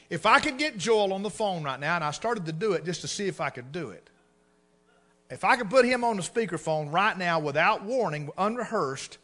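A middle-aged man, preaching a humorous sermon in a folksy storytelling way, swinging between loud and hushed. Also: high voice, sing-song, normal speed.

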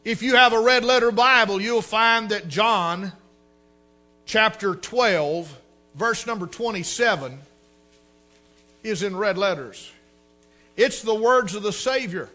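A man delivers a fervent sermon, climbing into shouts. His voice sits very high and has a sharp, bright edge. Faint instrumental music plays softly behind him. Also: slow, long pauses. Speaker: preacher.

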